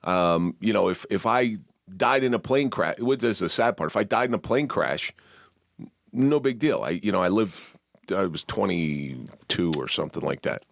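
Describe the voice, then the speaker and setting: A man's voice: sits low, animated, moderate pace, gravelly, dry recording, studio quality. A middle-aged man hosting a podcast, rambling in casual chat and often laughing. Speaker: podcast host.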